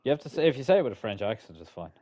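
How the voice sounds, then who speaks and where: A man's voice: mid-range voice, big pitch swings, very fast, dark tone, lo-fi sound. A man co-hosting a casual podcast, teasing and joking, with some swearing. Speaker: podcast co-host. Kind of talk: casual chat.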